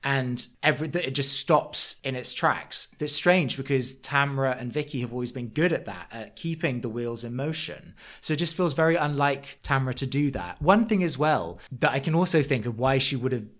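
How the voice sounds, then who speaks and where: Man, podcast co-host, casual chat, animated, acts out quotes. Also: medium pitch, moderate pace, hardly any pauses. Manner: animated, breaks into quoted impressions.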